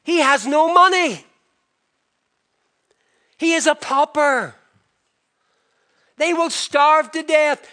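A man voicing a busy, sharp-tongued middle-aged wife and mother who scolds her husband. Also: high-pitched, level tone, normal speed, hardly any pauses, clean tone. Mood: exasperated. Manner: exasperated, scolding, then grudgingly tender.

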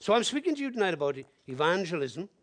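A man preaches a sermon through a story, his voice sitting a little high. He talks in an animated way, jumping from loud bursts to near-whispered asides. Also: fast talker. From Wales. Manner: animated, swinging between loud exclamations and hushed asides.

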